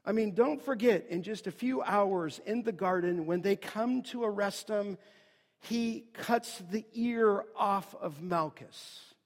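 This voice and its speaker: A man preaching an earnest, emphatic sermon that builds to loud declarations. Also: sits high, takes it slowly, long reverb tail. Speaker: pastor.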